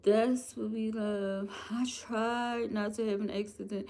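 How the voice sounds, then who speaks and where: A woman's voice: medium pitch, measured pace. A woman with a Philadelphia accent on a livestream, chatting casually and expressively while reading viewer comments aloud. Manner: chatty, expressive, addresses viewers as "y'all" and "girl". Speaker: livestream host.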